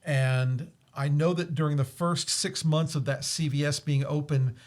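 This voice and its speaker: A man's voice: a little high, steady tone, measured pace, darkish tone. A man hosting a casual talk, telling a ghost story with many fillers and restarts and frequent laughs. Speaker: host.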